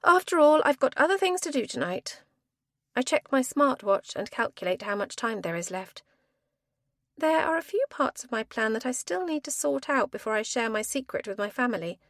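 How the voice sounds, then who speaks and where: A woman narrating a first-person thriller audiobook in a lively, expressive reading. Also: a little high, moderate pace, dry recording, studio quality.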